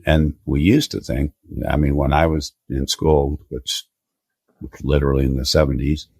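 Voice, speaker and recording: An older man, a therapist guest on a podcast, who explains ideas in a measured, emphatic way. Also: extremely low pitch, little pitch movement, darkish tone, slightly rough, no echo. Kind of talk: explanatory interview talk.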